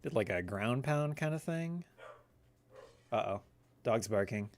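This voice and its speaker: A man's voice: medium pitch, expressive, a little slow. A young man streaming a game live, chatting casually with lots of laughter and rambling asides. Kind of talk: casual live gameplay chat.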